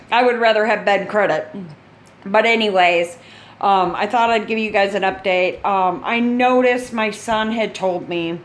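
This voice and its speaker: An older woman chatting casually in a video update, rambling and blunt and laughing at her own stories. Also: mid-range voice. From Chicago. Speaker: gaming channel host.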